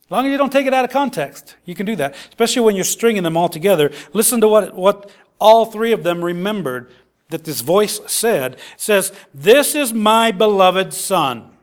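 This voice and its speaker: High-voiced middle-aged male preacher. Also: lively intonation, fairly quick, a little mellow. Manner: conversational, repeats words, acts out quotes. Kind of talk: sermon.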